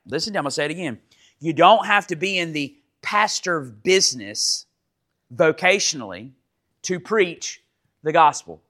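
Emphatic pastor, higher voice. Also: male voice. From Middle Georgia, US. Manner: emphatic, repeats points, drops to a hush in stories. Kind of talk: sermon with storytelling.

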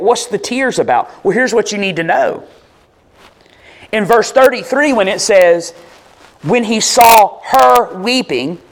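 Male pastor, high and animated, conversational sermon delivery. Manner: animated, conversational preaching with rhetorical questions. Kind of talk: expository sermon.

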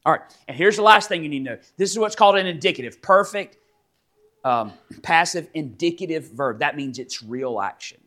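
A male pastor preaching a sermon, animated and teaching, with sudden loud emphatic rises and frequent restarts. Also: fairly high pitch, fairly quick. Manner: many repeated restarts and fillers. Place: church sanctuary.

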